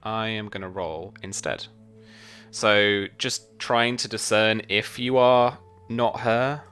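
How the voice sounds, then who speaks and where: A man's voice: on the low side, steady tone, takes it slowly, fairly bright tone, clear, resonant tone, faint music behind. A man narrating a tabletop game as game master, describing scenes loosely with many fillers.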